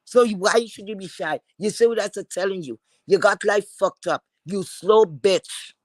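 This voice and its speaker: Man, high voice, confrontational streamer rant, repetitive insults, dry sound. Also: normal speed, dry recording, low-quality recording. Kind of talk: heated profane rant.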